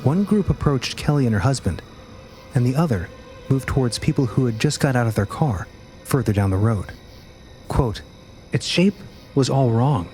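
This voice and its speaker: A man hosting a podcast, dramatically reading a first-hand witness account and getting loud at the quoted screams. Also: mid-range voice, normal speed, faint music behind. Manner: animated storytelling, rising to shouts at quoted screams. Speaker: podcast host.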